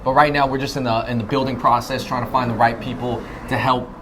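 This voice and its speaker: In a dessert shop, a laid-back young web video host chats easily through a casual interview, agreeable and eating as he talks. His medium-pitched voice is quick, slightly bright and fairly flat, with a little hiss or hum in the recording.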